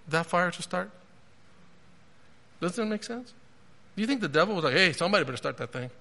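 Man preaching, high voice, bright tone, questioning, animated storytelling. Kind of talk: sermon.

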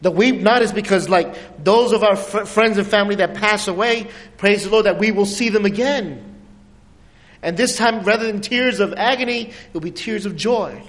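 High-voiced man preaching in a reverberant hall. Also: moderate pace. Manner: animated storytelling with dramatic pitch swings and soft drops. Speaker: pastor. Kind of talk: sermon.

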